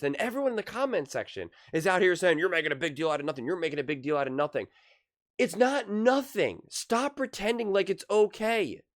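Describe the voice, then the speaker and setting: A young man giving casual, emphatic sports commentary, often acting out what others say. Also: a little high. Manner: animated, emphatic, acts out quoted voices. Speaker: commentator reacting to a sports debate show.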